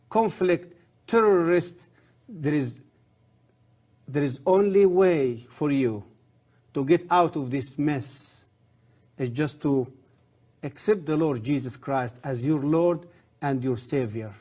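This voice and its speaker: Earnest man, husky voice. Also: on the high side, dark tone. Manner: earnest, halting non-native English with rising emphasis. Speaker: guest, former professor. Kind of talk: religious TV interview.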